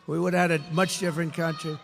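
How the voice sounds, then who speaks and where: An older man giving an emphatic, repetitive campaign rally speech that rises to shouted lines. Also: a little high, flat delivery, fast talker, gravelly, a little hiss or hum. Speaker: political speaker at a rally. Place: large indoor rally venue. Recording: echoey hall, faint crowd ambience.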